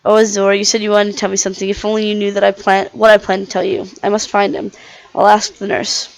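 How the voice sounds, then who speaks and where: A woman's voice: medium pitch, flat delivery, quick pace, gravelly, natural voice, poor audio. Woman reading as a lovesick young woman. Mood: anxious. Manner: plain reading with small restarts. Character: young woman in love, waking in hospital. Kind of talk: reading a visual novel aloud.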